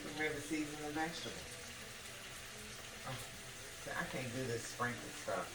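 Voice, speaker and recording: A woman hosting a casual home cooking demonstration, talking the viewer through each step and checking in with a quick "okay?" again and again. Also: very deep voice, heavy background noise. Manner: chatty, keeps checking in with the viewer by asking "okay?". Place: home kitchen. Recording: echoey kitchen with background music.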